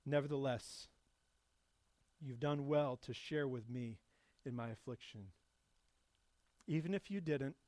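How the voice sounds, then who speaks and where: A male pastor delivering a sermon with a fairly high voice. He swells into loud, emphatic stretches and then sinks into quiet, low reflection. The sound is close and dry. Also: no room sound. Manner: builds to loud emphatic preaching, then drops soft and low.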